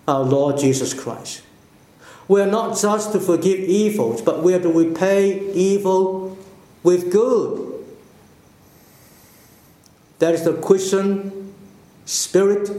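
A man preaching a sermon slowly and deliberately, with emphatic phrases that fall away at the ends. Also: a little high, mellow, reverberant. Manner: slow, deliberate, with falling emphatic endings.

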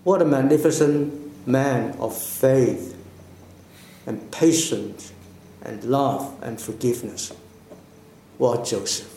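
A man preaching a sermon slowly and deliberately, with emphatic phrases that fall away at the ends. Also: mid-range voice, mellow, reverberant, a little hiss or hum. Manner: slow, deliberate, with falling emphatic endings.

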